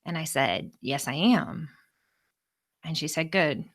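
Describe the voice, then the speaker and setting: A woman speaker telling a personal story to a group in an expressive, animated way. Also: low voice, takes it slowly. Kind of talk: storytelling talk to a live group.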